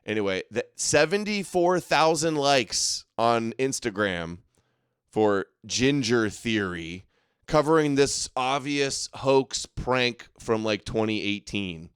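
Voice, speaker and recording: A man's voice: fairly low pitch, expressive, measured pace, a bit bright, clear, resonant tone, no echo, clean studio sound. A man hosting a livestream, reacting to clips with sarcastic, exasperated commentary. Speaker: livestream host.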